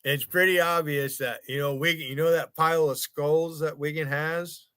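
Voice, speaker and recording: A man's voice: a little high, fairly even intonation, moderate pace, bright, forceful tone, smooth, dry recording, clean studio sound. An American man hosting his own live stream, chatting crudely and boastfully, often stammering over restarts. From United States. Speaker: streamer host. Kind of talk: casual chat on a live stream.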